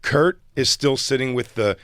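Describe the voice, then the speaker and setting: A man telling a long, animated story from his stand-up comedy days in casual chat, acting out other people's lines as he goes. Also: mid-range voice, normal speed, clean tone, dry recording, clean studio sound.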